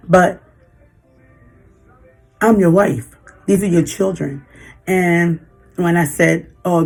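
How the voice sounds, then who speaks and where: Woman in her fifties, personal vlog, halting, near tears, faint music behind. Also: fairly low pitch, vocal fry. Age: 50s. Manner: emotional, halting, frequent restarts. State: holding back tears. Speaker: vlogger.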